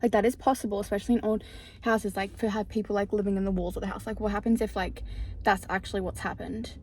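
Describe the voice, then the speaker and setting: A woman's voice: mid-range voice, flat delivery, fast talker, a little mellow, a little hiss or hum. A young woman vlogging casually about books, chatty and rambling with lots of fillers. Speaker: book vlogger. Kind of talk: casual vlog chat.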